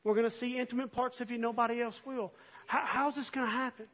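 Male preacher, very high and bright tone, earnest sermon delivery, lo-fi sound. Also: little pitch movement, fast. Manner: earnest, swells from soft reading to impassioned near-shouting. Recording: dull lo-fi recording.

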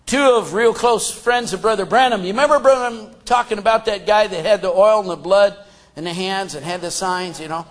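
A high-voiced male preacher in full sermon, folksy and plain-spoken. He swings from loud, shouted emphasis down to hushed asides. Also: brisk.

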